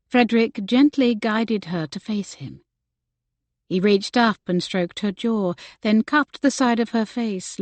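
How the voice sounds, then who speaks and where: A woman narrating a romance novel in a gentle storytelling manner. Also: mid-range voice, no room sound. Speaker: audiobook narrator. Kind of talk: scripted narration.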